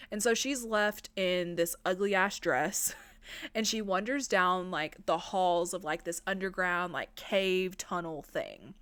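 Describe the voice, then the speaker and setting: A woman's voice: lowish voice, a bit bright, clean tone, dry recording. A woman podcast host giving a casual, profane film recap, peppered with filler words. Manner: chatty, profane, lots of "like" fillers.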